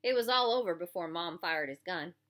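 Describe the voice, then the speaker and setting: A woman's voice: on the low side, animated, fairly quick, a bit bright. A woman reading aloud, voicing a blunt, cheeky teenage boy. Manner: blunt, matter-of-fact.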